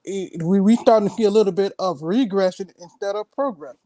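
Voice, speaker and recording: A man co-hosting casual sports talk, blunt and quick to laugh. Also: sits high, mellow, dry recording. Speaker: co-host analyst.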